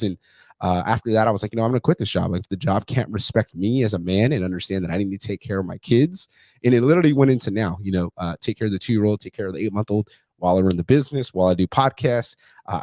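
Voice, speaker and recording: A man in his thirties hosts a casual podcast chat, rattling off stories at a rapid clip with blunt, heavy profanity. His voice sounds close and dry, with no room echo. He is intense and fired up. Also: fairly low pitch, a little mellow. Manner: blunt, heavily profane storytelling. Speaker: podcast host.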